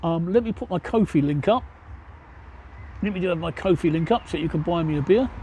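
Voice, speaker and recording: Standing outside by a pub with faint street noise behind him, an older man from England takes questions from his livestream chat on his phone. His voice is a little high but mellow and dark, fairly quick and animated, and his casual answers are blunt, jokey, and matter-of-fact.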